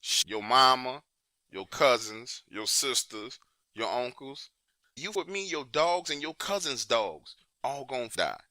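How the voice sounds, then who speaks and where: A man's voice: medium pitch, animated, unhurried, bright, forceful tone, dry recording, studio quality. A man voicing a cocky male street enforcer who talks in slang and taunts. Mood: menacing.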